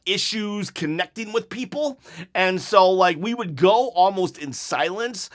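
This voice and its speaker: A middle-aged man answering viewer questions in a casual vlog, earnest and rambling, with animated bursts. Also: on the high side. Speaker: wrestling YouTuber.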